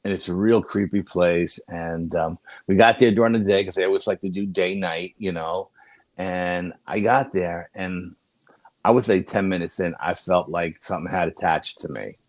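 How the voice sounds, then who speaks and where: Older man, paranormal investigator guest, deep voice, dry close sound, rambling casual storytelling. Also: fairly even intonation, normal speed, no echo. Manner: rambling, full of "you know" and restarts.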